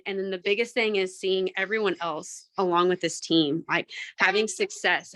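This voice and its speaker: A woman's voice: on the low side, fairly bright tone. A woman on a video call, candidly sharing her personal experience as a team member. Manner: candid, self-reflective, rambling.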